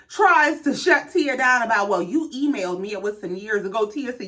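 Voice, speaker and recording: Sassy woman host, lively swooping pitch, fairly high voice, profane casual recap. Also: moderate pace, hardly any pauses. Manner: sassy, profane, animated storytelling with quoted voices.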